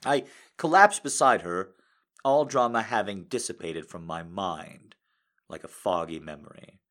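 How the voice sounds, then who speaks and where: A man reading a romance story aloud in a soft, intimate way, hesitant and full of fillers when he speaks off script. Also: low voice, expressive, unhurried. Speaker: reader of fiction.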